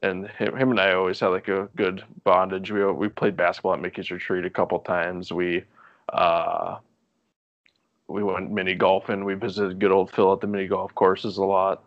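Low-voiced young man, dull recording. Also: moderate pace, no room sound. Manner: relaxed, rambling, laughs often. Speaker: podcast guest. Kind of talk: casual storytelling chat.

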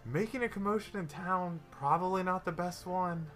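A man's voice: high voice, normal speed, fairly bright tone, faint music behind. Man narrating as game master. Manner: loose, filler-heavy narration.

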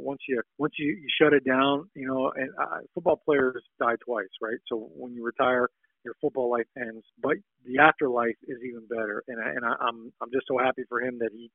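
Fast-talking man on a tinny phone line. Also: medium pitch, no echo. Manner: rambling, anecdotal, with frequent restarts. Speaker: retired football player guest. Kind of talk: casual interview storytelling. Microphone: phone call.

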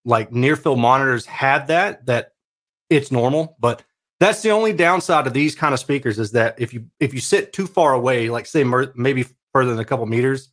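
A man's voice: mid-range voice, normal speed, fairly bright tone. A man co-hosting a casual podcast, laid-back and explaining audio technical detail at length. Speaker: podcast co-host, speaker reviewer. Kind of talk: casual chat.

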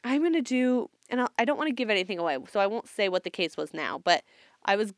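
A woman's voice: medium pitch, very animated, quick pace, dry recording, clean studio sound. A woman telling a story in a rambling, casual podcast chat, laughing often. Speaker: podcast co-host.

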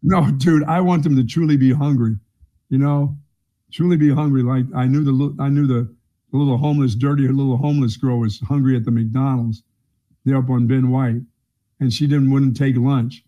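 A man's voice: medium pitch, steady tone, normal speed, mellow. A middle-aged man, a sports talk co-host telling a blunt, rambling story in casual banter. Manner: blunt, rambling storyteller who laughs at his own jokes. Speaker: radio sports show co-host.

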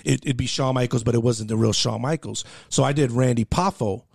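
A man on a podcast telling a story in casual chat, animated and laughing, swearing often and stammering through restarts. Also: mid-range voice, fairly quick, gravelly, slightly rough, no echo, clean studio sound.

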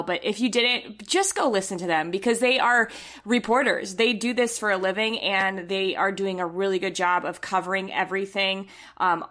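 A woman co-hosting a casual soccer podcast, chatty and animated, with fillers and a dry, sarcastic streak. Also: mid-range voice. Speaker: podcast co-host.

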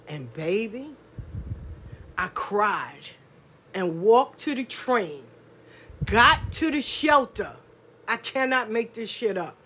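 A woman's voice: mid-range voice, sing-song, fairly bright tone, slight background noise. A middle-aged woman, telling her own life story candidly and emphatically, full of slang and swearing. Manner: street slang, drawn-out stresses. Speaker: podcast speaker. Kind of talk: personal testimony monologue.

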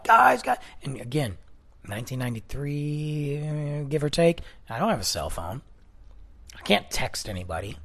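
A man in his thirties or forties from the Detroit area, telling a personal story in a casual, animated way, rising to excited bursts and dropping to a hushed voice. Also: fairly high pitch.

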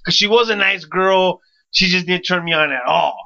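Dude telling a dirty story, swears nonstop, bright edgy voice, kinda muffled lo-fi sound. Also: male voice, high-pitched, moderate pace, vocal fry. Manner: profane, animated, slangy. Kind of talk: crude casual storytelling. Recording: dull lo-fi sound.

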